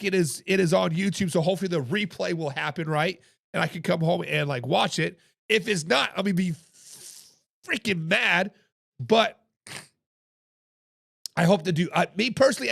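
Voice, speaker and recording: A man hosting a casual live-streamed sports talk show, hoarse from coaching, chatting with viewers in the chat. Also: high voice, normal speed, a bit bright, no echo, studio quality. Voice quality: gravelly. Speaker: podcast host.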